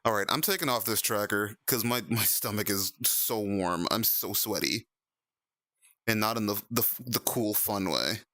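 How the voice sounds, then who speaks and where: A young man streaming in VR, chatting casually with viewers, animated and laughing often. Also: fairly low pitch, a little slow, dry recording, studio quality. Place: VR chat stream at home.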